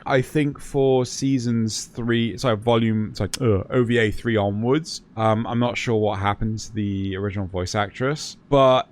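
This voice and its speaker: A man hosting a casual chat, ranting in a sweary, exasperated way. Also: medium pitch. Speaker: host.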